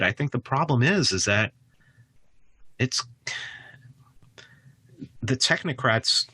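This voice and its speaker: A man speaking as a podcast guest in casual conversation, rambling with frequent restarts and sudden animated jumps in pitch. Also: unhurried, pauses often, husky, dry recording.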